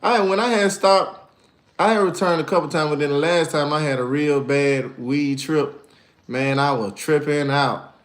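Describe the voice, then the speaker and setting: A man chatting casually on a livestream, slangy and animated, telling stories and answering viewers. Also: on the high side, normal speed. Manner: animated, slangy, storytelling with put-on voices. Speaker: livestreamer and musician.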